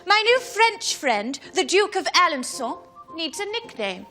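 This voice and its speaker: A woman's voice: extremely high pitch, big pitch swings, a little slow, bright, forceful tone, soft background music, full character voice. A haughty, mocking Tudor queen. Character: vain, cruel Tudor queen.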